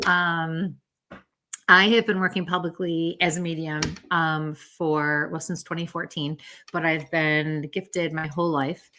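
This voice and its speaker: Middle-aged woman, low voice, chatty guest who laughs a lot and doesn't mind swearing. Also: little pitch movement, unhurried, pushed and bright, slight background noise. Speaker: podcast guest, medium. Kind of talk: casual chat.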